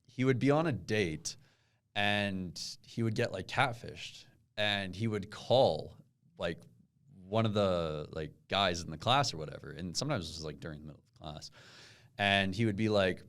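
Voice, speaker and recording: A young man co-hosts a podcast, chatting casually and telling stories with lots of swearing while acting out quotes. His voice is low and clean in tone, at normal speed.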